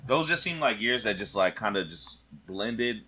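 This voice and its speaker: A man's voice: on the low side, animated, normal speed, pushed and bright, husky, low-quality recording. A young man co-hosting a podcast, telling stories in a loose, profane way and laughing as he talks. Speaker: podcast co-host. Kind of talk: casual chat.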